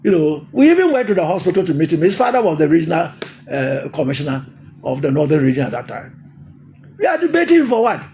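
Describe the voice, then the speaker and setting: A man's voice: fairly high pitch, big pitch swings, brisk, dark tone, slight background noise. An older man with a Ghanaian accent, delivering an emphatic political monologue, repeating his points and laughing often. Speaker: political commentator.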